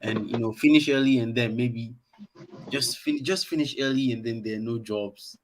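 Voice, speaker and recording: A man speaking calmly as a panelist in a casual discussion. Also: medium pitch, normal speed, slight background noise.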